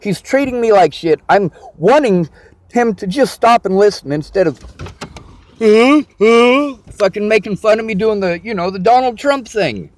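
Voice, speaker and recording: A man's voice: sits high, expressive, moderate pace, a little mellow. A man venting to camera in an agitated, profane, repetitive rant. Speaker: vlogger. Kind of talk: angry personal rant to camera.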